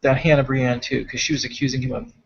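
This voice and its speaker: Gravelly, rambling man in casual chat. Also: medium pitch, little pitch movement, highs cut off. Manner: rambling, halting, with many restarts and fillers. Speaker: podcast co-host.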